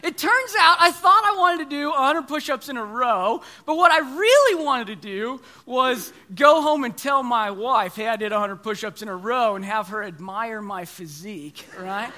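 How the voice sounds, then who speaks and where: Guy in his 30s giving a chatty sermon, bright voice, jokes on himself. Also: very high-pitched, lively intonation, a little slow, hardly any pauses. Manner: conversational, self-deprecating storytelling. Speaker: preacher.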